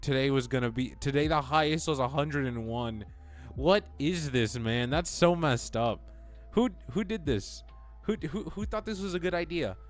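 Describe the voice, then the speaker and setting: A man's voice: on the high side, a bit bright. A young man casually chatting with his stream viewers, rambling and playful. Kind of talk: casual live-stream chat.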